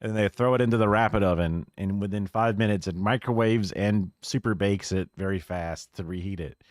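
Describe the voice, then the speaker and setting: A man's voice: fairly low pitch, fairly quick, no echo, studio quality. A man streaming live, reacting to a video with rambling, musing remarks and profane asides.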